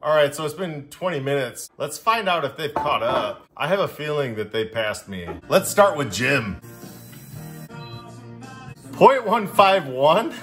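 A man's voice: fairly high pitch, sing-song, measured pace, over music. A young man hosting a casual vlog, talking to the camera in a chatty, upbeat, joking way. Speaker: vlogger testing drinks on a breathalyzer.

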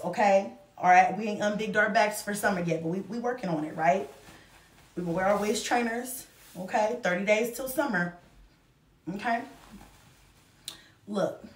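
Effusive chatty woman in an echoey room. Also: medium pitch. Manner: chatty and effusive, addressing viewers as y'all. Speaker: vlogger reviewing a shopping haul. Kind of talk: casual chat to camera. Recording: echoey room, mic at a distance.

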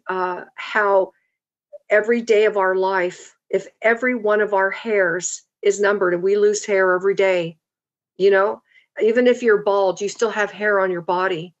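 A woman preaching earnestly as a guest speaker, reading scripture slowly and deliberately. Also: mid-range voice. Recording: slightly dull lo-fi audio.

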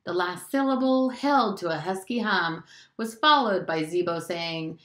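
A woman teacher reading a novel aloud in a steady, clear storytelling voice. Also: lowish voice, measured pace. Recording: roomy echo.

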